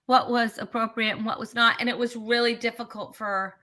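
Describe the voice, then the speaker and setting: A woman's voice: on the high side, steady tone, normal speed, sharp tone. A woman comedian talking as a guest in a casual interview, chatty and emphatic, with frequent restarts.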